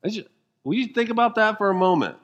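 A man preaching a sermon as pastor, emphatic and full of rhetorical questions, moving between quiet intensity and rising fervor. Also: high-pitched, animated, fast talker, highs cut off.

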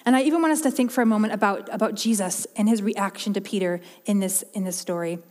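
A woman's voice: medium pitch, fast, darkish tone, big-room sound. A woman preaching a sermon in an earnest, heartfelt way, often restarting and repeating her words.

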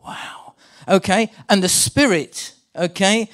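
Brief: male preacher, a touch high in pitch, lively and stumbling over his words, leading a church re-enactment. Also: normal speed. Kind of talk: sermon with live volunteer re-enactment. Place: church with a live congregation.

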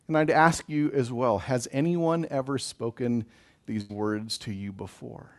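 A man giving a gentle, emotional pastoral talk on blessing, speaking to listeners as a chaplain. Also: mid-range voice, measured pace. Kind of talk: reflective spiritual talk.

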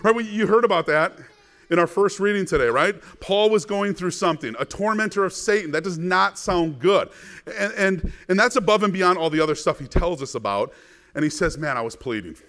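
A man's voice: high voice, expressive, a little fast, fairly bright tone. A man preaching a sermon as pastor, earnest and emphatic, asking his congregation rhetorical questions.

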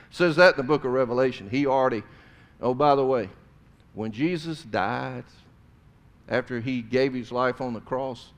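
A man preaching a sermon, swinging between loud emphasis and hushed tones. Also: medium pitch, normal speed, long pauses.

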